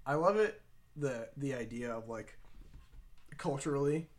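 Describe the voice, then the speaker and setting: A man's voice: medium pitch, unhurried. A man hosting a casual podcast, joking crudely and rambling with frequent restarts. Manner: rambling, joking, often trailing off. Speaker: podcast host.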